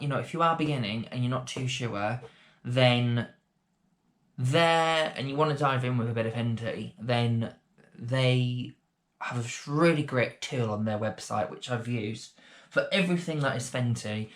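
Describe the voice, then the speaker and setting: A man chatting casually through a beginner makeup tutorial vlog, rambling with self-deprecating asides. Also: medium pitch. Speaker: beauty vlogger.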